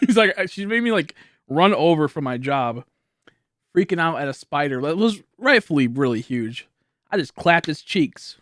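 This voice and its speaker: Young man, slightly high voice, dry close sound, rambling casual stream chat, laughs a lot. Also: lively intonation, fairly quick, no room sound. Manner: rambling, laughs often, chats with viewers.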